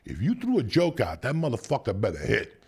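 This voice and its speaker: Gravelly animated New Jersey man ranting. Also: medium pitch, brisk. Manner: animated, blunt, swears heavily, ranting. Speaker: podcast host. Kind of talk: casual profane storytelling.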